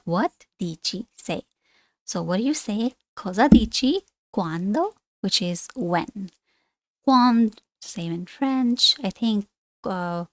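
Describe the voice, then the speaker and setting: A woman's voice: medium pitch, dry recording. A woman teaching an online language lesson, explaining things on screen in a chatty, rambling way with frequent asides and self-corrections.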